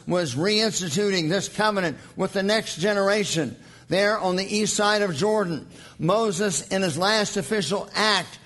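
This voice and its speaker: A man preaching a sermon in an earnest teaching tone, slowing down for emphasis and reading scripture aloud. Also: sits high, a bit bright.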